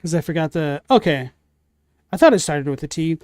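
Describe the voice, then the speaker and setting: A man's voice: on the high side, lively intonation, a little fast, darkish tone, no echo, studio quality. A young man casually commenting on a video game as he plays, reacting aloud and chatting with viewers. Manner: chatty, reacts aloud while playing and answers chat. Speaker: let's play host.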